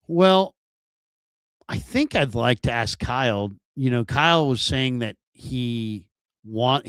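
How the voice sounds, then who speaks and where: A male sports show host chatting through a live stream and answering viewer chat. His pitch swings widely as he muses aloud with rhetorical questions. The sound is dry and close. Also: dry recording.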